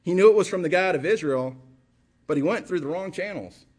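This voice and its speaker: A man's voice: high-pitched, lively intonation, a little fast, darkish tone, breathy edge. A male pastor preaching a sermon with passion, firing rhetorical questions and repeating phrases for emphasis.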